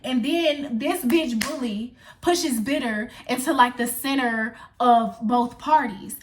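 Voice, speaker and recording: A young woman chats straight to her viewers in a casual storytime, swearing freely and calling them y'all. Her voice sits a little high and she tells the tale with lively, animated energy. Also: takes it slowly, a little hiss or hum. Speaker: vlogger.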